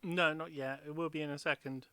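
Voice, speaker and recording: A man narrating a tabletop game as game master, pausing often with ums as he describes scenes. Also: fairly high pitch, fairly even intonation, bright, forceful tone, clear, resonant tone. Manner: hesitant, many ums while describing scenes.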